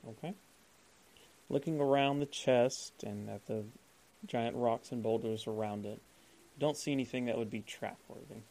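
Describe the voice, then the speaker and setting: A man running a tabletop game as game master, describing scenes in a loose, relaxed way. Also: medium pitch, moderate pace, creaky, low-quality recording.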